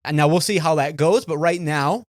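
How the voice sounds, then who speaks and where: A man's voice: fairly high pitch, moderate pace, no echo, studio quality. A young man co-hosting a casual podcast, swearing and complaining in an exasperated way about his friend. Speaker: podcast co-host. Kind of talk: casual banter.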